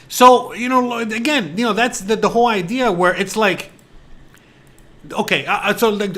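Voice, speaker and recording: A man in his forties from the United States, ranting to camera. His voice sits high for a man. He talks in exasperated, incredulous bursts and rambles through fillers and false starts. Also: a bit bright. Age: 40s. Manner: rambling, heavy on fillers and restarts. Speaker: host. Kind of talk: casual rant to camera.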